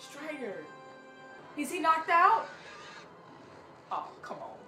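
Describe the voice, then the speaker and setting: A woman with a high, swooping voice talks slowly through a movie she is watching, excitable and slangy, gasping and laughing as it plays. She sits back from the mic in an echoey room, and the film's loud music plays behind her. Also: far from the mic. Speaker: movie reactor. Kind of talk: excited first-time movie reaction.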